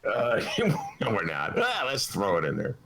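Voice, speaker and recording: A man hosting a comic political talk show from his attic, sarcastic and animated, with a Chicago accent. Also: lowish voice, moderate pace, gravelly, slight background noise. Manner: sarcastic, animated, jumps between mock voices and asides. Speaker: podcast host. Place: home attic studio.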